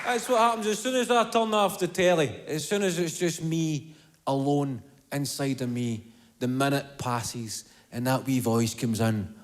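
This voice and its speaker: A man doing a swearing, animated stand-up routine, live on a theatre stage in a large hall with a laughing crowd. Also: mid-range voice, normal speed, a little hiss or hum. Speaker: stand-up comedian.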